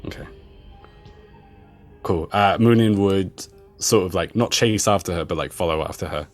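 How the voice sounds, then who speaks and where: A man's voice: low-pitched, moderate pace, soft background music. A man playing a tabletop role-playing game, describing his character's actions hesitantly with lots of fillers. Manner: hesitant, many fillers and restarts. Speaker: player.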